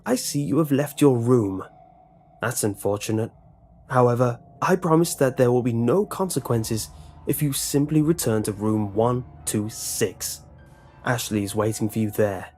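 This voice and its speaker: A man voicing a menacing woman speaking slowly and formally over an intercom. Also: medium pitch, darkish tone, soft background music. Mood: cold menace. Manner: slow, cold and formal. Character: sinister foreign-accented lunch lady, calm and menacing.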